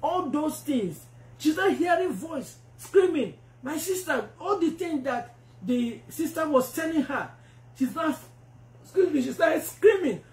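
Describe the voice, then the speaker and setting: A woman preacher telling a testimony in a sermon, animated and acting out the voices she quotes. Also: high-pitched, unhurried. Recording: roomy echo.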